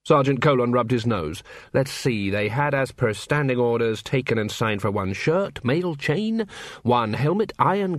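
Male audiobook narrator, lively pitch, expressive, dry close sound. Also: no room sound. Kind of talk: audiobook narration of a comic fantasy novel.

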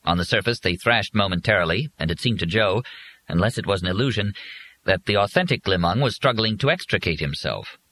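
A man narrating an audiobook with an expressive reading. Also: lowish voice, a little fast, poor audio.

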